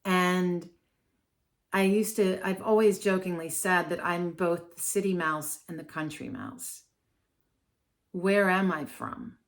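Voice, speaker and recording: A woman from Maryland, USA, who works as an astrologer speaks in a lowish, level voice at a measured pace. She talks to camera in a casual, chatty, digressive way, with plenty of fillers.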